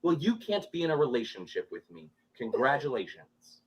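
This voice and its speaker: A man in a heated argument with his partner, talking in a flat, even tone and short, curt one-liners. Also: mid-range voice, normal speed, breathy edge, lo-fi sound. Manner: flat, even tone even while angry.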